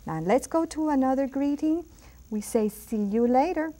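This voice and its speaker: A woman's voice: high-pitched, animated, dark tone. Patient woman teaching a language lesson. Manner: patient, repeats words slowly with clear emphasis.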